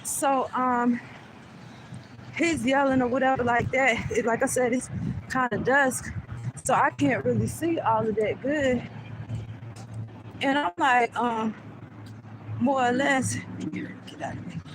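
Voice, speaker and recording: A woman's voice: high-pitched, steady tone, slow, pauses often, noisy background. A woman vlogger telling a casual storytime in a chatty way, often asking "you know what I'm saying".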